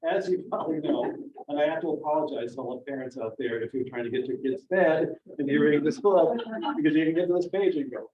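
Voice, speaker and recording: Animated man speaking in an echoey room. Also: fairly high pitch, fast. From Maine. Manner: animated, acts out quoted voices. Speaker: children's author at library visit. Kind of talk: storytelling talk to children and families. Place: library event room. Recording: dull, echoey room from far off.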